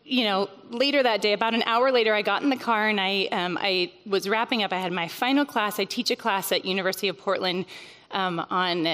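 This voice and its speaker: A woman in her thirties talks to a group of mothers, loose and chatty, leaning on fillers before she punches a point. Her voice sits at an ordinary middle pitch and carries a long hall reverb. The big room makes her sound a little distant. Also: fairly quick, fairly bright tone. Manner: chatty and conversational, many fillers, bursts of emphasis. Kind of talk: casual teaching talk.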